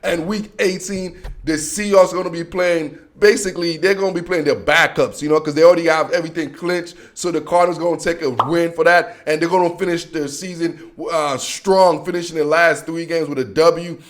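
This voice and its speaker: A man's voice: a little high, steady tone, a little fast, few pauses. A man hosting a casual sports show, making playful, slangy predictions about the coming season. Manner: playful trash talk with slang. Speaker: sports podcast host.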